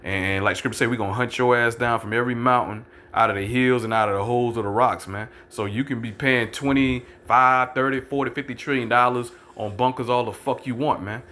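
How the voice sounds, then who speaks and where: A man preaching fiercely and profanely, ending nearly every phrase with "man" and slowing down to read scripture verses aloud. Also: medium pitch, fairly even intonation, bright, forceful tone. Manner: reads scripture verses slowly and deliberately. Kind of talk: fiery street-style preaching with scripture reading.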